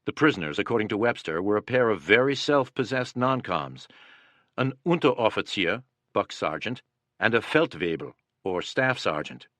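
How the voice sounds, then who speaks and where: Man, audiobook narrator, low voice, steady, dramatic, dry recording. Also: normal speed, no room sound. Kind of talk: scripted narration.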